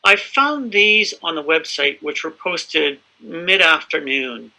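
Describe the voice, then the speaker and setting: Bright-voiced, formal man hosting. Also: on the high side, expressive, takes it slowly, creaky, poor audio. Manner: formal, courteous, hesitant fillers. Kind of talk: polite business presentation.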